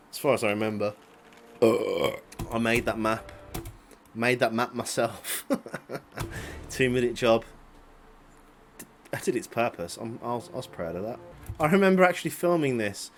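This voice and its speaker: A man's voice: mid-range voice, a little hiss or hum. A man in his late twenties giving casual, rambling commentary over old video clips, swearing freely and chuckling to himself. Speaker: vlogger.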